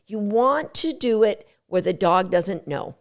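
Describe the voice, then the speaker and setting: A woman dog trainer hosting an instructional podcast, emphatic and lively, acting out little quotes as she explains. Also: mid-range voice, unhurried, vocal fry. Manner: animated, emphatic, acts out quotes.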